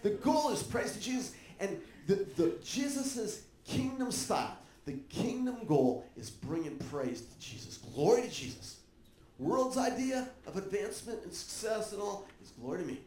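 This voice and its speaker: Man, pastor, sermon, lively swinging pitch, roomy echo, faint background hum. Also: moderate pace. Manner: animated, jokes with congregation.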